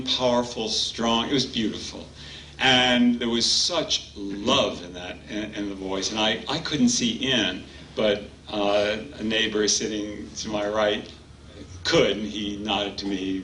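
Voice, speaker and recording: A man speaking at a retreat, telling a personal story in a halting, heartfelt way with many pauses. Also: medium pitch. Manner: halting, warm reminiscing with frequent pauses. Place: retreat hall. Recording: roomy hall, distant mic, faint background hum.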